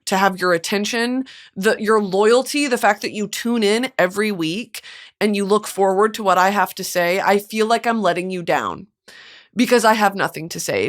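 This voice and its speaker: A woman's voice: medium pitch, a bit bright. A woman in her twenties hosting her podcast alone, talking earnestly and emotionally about being burnt out. She swears freely and fills her talk with "like". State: burnt out, close to tears. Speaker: podcast host. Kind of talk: candid solo podcast monologue.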